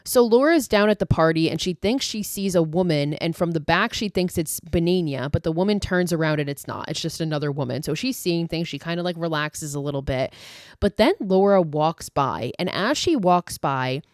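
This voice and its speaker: A woman's voice: on the low side, animated, moderate pace, no room sound, clean studio sound. A woman podcast host casually recapping a horror movie, chatty and loose, with plenty of filler words and the odd swear.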